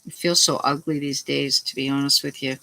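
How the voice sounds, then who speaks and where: Middle-aged woman rambling through a story, bright edgy voice with lots of fry, swears a bit. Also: rumbling low, steady tone, brisk, poor audio. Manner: rambling, salty, starts over mid-sentence. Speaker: vlogger. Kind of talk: casual storytelling to camera.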